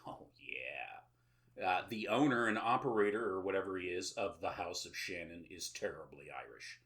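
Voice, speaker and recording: Man, podcast host, rambling sarcastic recap, lower-pitched voice, bright and forceful tone. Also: expressive, normal speed. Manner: rambling, with many filler sounds and sarcastic asides. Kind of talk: casual plot recap with jokes.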